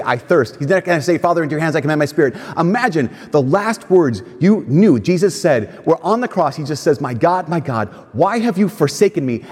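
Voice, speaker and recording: A man preaching a sermon, reading scripture aloud with expressive, dramatic pauses. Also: a little high, husky. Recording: reverberant hall.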